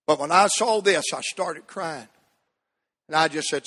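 A man preaching a sermon, rising to shouts and dropping to near whispers. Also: fairly high pitch, unhurried. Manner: Southern preaching cadence, swinging from shouts to hushed tones. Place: church sanctuary. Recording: long hall reverb.

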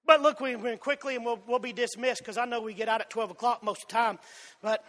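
A man with a Southern drawl from Georgia, preaching a fiery sermon that swings between loud shouts and soft asides. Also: extremely high pitch, steady tone, fast. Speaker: pastor. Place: church sanctuary. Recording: long hall reverb.

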